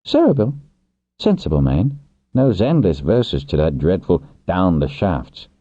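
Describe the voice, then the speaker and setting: A sly, cheeky harper with a teasing, jaunty lilt, as a male narrator puts him on. His voice is pitched high and bright. The recording sounds tinny and dry. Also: sing-song, measured pace, no room sound, full character voice.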